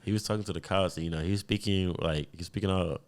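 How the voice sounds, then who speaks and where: Young male podcast host from Texas, very low voice, loose and profane casual talk. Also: very fast. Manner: relaxed, rambling, profane. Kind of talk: casual chat.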